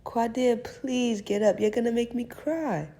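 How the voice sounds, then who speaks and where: A woman's voice: fairly high pitch, fairly even intonation, a little slow, mellow, pitched above the performer's own voice. A woman doing a playful young fiancée. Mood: tender.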